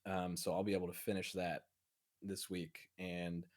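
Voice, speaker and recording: A man's voice: deep voice, flat delivery, moderate pace, darkish tone. A man co-hosting a casual film podcast, rambling through stories with many fillers. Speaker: podcast co-host.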